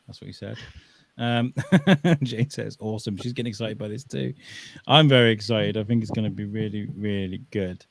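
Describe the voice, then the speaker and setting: A man's voice: on the low side, moderate pace, vocal fry, a bit bright, no room sound. A man co-hosting a podcast, chatting casually, laughing often and reading out listener comments. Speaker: podcast co-host.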